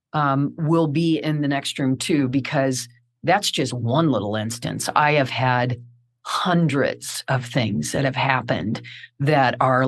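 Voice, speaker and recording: A middle-aged woman, a podcast guest, telling a personal story in a vivid, animated way and acting out her own remarks. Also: low voice.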